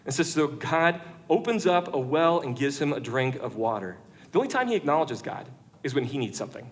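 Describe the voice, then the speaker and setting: Animated jokey preacher, man. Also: on the high side, brisk. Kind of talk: lively storytelling sermon. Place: large church room with an audience.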